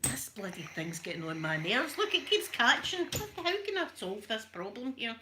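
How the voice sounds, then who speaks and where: A woman's voice: on the high side, very animated, normal speed, noisy background. A Scottish woman hosting her channel, telling rambling stories in casual chat and laughing often. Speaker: channel host.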